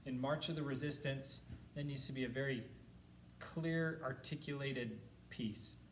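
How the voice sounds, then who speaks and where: A male band teacher talks students through a clarinet part, breaking into chanted counts and rhythm syllables. His voice sits at an ordinary middle pitch. He is picked up from a little way off the mic, with faint room noise behind. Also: measured pace, far from the mic, low-quality recording. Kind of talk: music lesson for students. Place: classroom.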